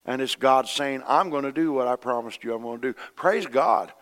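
A man preaching a sermon as pastor, folksy and conversational, swinging from hushed to loud. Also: medium pitch, fairly quick.

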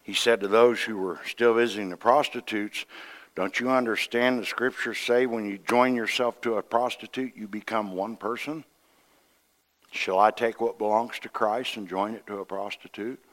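Middle-aged man, associate minister, sermon, folksy storytelling, acts out voices, hushed to loud swings. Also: lowish voice, fairly even intonation, normal speed. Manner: acts out dialogue in quoted voices; folksy humor.

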